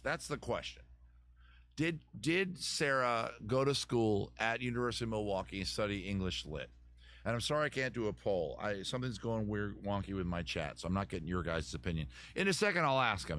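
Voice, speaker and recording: A man's voice: on the low side, fairly bright tone, no room sound. Man, live-stream host, casual rambling chat, jokey, dry close sound. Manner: rambling, jokey, thinks aloud with many restarts.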